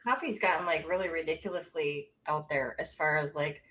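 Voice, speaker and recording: A woman's voice: low-pitched, fairly quick, pushed and bright. A woman co-hosting a radio show, chatting easily and giggling often. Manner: giggly, easygoing, trails off. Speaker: radio co-host. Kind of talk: casual radio banter.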